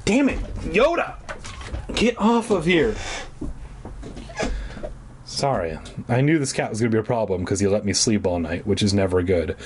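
A man's voice: lowish voice, animated, moderate pace, pauses often, a little mellow, a little hiss or hum. A man reading a children's horror book aloud and breaking off for sarcastic, irreverent asides. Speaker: reader and commentator.

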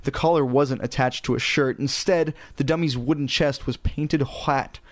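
A man's voice: mid-range voice, fairly even intonation, moderate pace, no echo. A man reading a children's horror novel aloud, breaking off for sarcastic, joking asides. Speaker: audiobook reader.

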